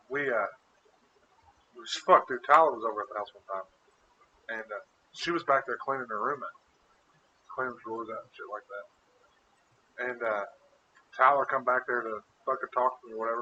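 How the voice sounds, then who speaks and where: A man's voice: medium pitch, pushed and bright, muffled recording, slight background noise. A man co-hosting a casual podcast who tells rambling, crude stories and laughs often. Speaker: podcast co-host. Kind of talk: casual storytelling chat.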